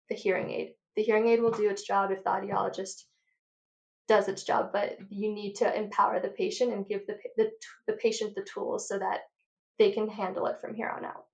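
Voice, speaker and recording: A woman in her thirties, an audiologist, talking passionately and quickly in an interview, a bit out of breath. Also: mid-range voice, creaky, darkish tone. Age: 30s. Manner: passionate, rapid lecturing. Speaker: audiologist guest. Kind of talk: enthusiastic interview talk.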